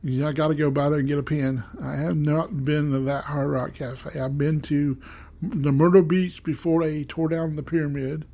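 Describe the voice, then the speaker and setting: A man's voice: on the high side, level tone, moderate pace, creaky, dark tone. A man hosting his own show in a rambling, casual monologue full of fillers, on a home desk microphone. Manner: rambling, many fillers and restarts. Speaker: podcast host.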